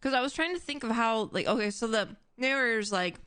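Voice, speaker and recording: A woman live-streaming casual chat to her audience, animated and admittedly dramatic. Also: on the high side, brisk, clean tone, no room sound. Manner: animated and self-described dramatic.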